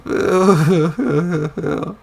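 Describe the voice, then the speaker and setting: Gravelly guy reading a comic on stream, cracks wry asides. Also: fairly high pitch, extremely slow. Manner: reads aloud with wry asides. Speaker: streamer reading a webcomic aloud. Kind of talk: casual live reading.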